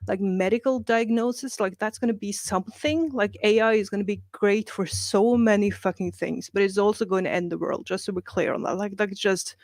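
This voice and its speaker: A Norwegian-accented woman with a faint Irish lilt chats in an interview, animated and profane, stumbling over her words and piling on "like"s. Her voice sits in a middle pitch. It comes over a video call with a dry sound and no room echo. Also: fairly quick, few pauses. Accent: Norwegian with a slight Irish lilt. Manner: animated and profane, many restarts and "like"s. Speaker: comic book writer guest. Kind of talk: casual interview chat.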